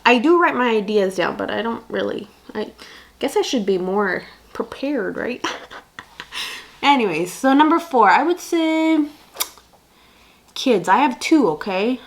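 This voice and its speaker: Chatty young mom with a lively voice. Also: female voice, a little high. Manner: rambling, chatty, many fillers. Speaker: vlogger and mother. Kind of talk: unscripted casual chat.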